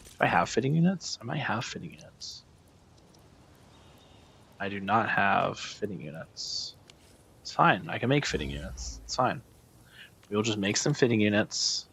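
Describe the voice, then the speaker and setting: A man's voice: lowish voice, vocal fry, fairly bright tone, a little hiss or hum. A man giving casual gameplay commentary, muttering, swearing and calling himself an idiot as he works. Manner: self-deprecating, swearing, frustrated muttering. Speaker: gaming streamer.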